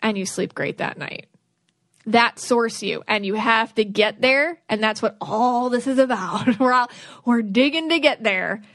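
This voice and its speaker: A woman's voice: on the high side, a little slow, a bit bright, no echo. A woman hosting a podcast, giving spiritual advice in an earnest, rambling way that restarts sentences. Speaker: podcast host, aura reader.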